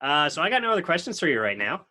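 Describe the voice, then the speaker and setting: A man with a bright, forward tone hosts a casual podcast interview. He talks in an easygoing way, dropping "uh" fillers as he moves between questions. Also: on the high side, very animated, racing. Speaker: podcast host.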